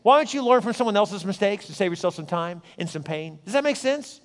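A man preaching a sermon as pastor, swinging from loud urging to low, intimate asides. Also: lively intonation, fairly quick, big-room sound.

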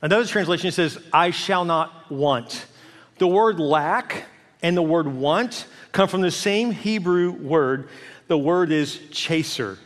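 A man who is a senior pastor, preaching a sermon in a church with animated delivery, acting out people's inner voices. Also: fairly high pitch, takes it slowly. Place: large church hall. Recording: long hall reverb.

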